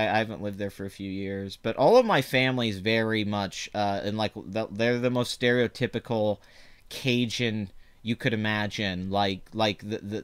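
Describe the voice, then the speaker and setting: A man from the American South with a slight Louisiana accent, hosting a show in a rambling, animated casual chat and laughing easily. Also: fairly low pitch, clean tone. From Southern United States. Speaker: box office show host. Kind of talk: casual live chat about movie box office.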